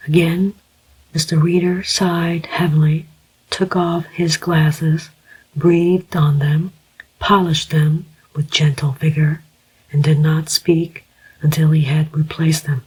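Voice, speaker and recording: An audiobook narrator reading a thriller in a soft, even whisper up close, as whispered role-play. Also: medium pitch, takes it slowly, husky, poor audio.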